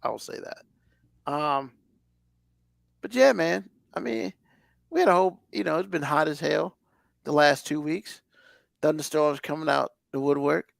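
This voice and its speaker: A man's voice: a little high, unhurried, gravelly, pauses often, no room sound, clean studio sound. A man co-hosting a podcast, chatting casually in a rambling way full of fillers. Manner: rambling, loose, lots of fillers. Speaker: podcast co-host. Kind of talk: casual chat.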